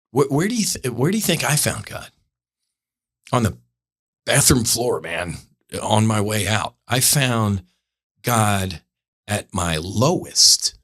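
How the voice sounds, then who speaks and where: A man with a somewhat low, bright and forceful voice hosts a podcast, talking through faith in a loose, earnest monologue. He rambles and stops himself mid-thought, then starts over with fresh conviction. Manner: rambling, earnest, self-interrupting. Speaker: podcast host. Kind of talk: candid spiritual monologue.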